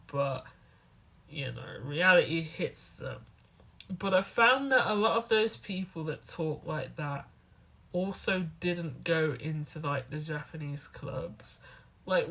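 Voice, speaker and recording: A woman, chatting to camera as a student vlogger, rambling and animated. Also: lowish voice, a little slow. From England. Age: 20s. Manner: rambling, animated, acts out other people's lines. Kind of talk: casual talking-to-camera vlog.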